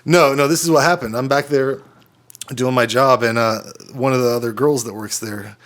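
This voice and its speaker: A man's voice: mid-range voice, fairly even intonation, normal speed, fairly bright tone. A man co-hosting a casual podcast, telling a rambling story with lots of swearing and laughter. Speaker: podcast co-host.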